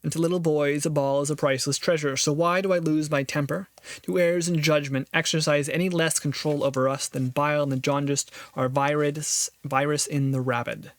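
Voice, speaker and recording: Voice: mid-range voice, fairly even intonation, a little fast, no echo. A podcast host giving earnest, reflective solo commentary on a philosophy text, thinking aloud and restarting phrases often.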